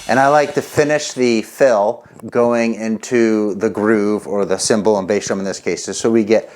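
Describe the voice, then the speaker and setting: A man teaching a casual drum lesson, chatty and relaxed, counting rhythms out loud. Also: on the low side, normal speed, over music. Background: drum kit playing.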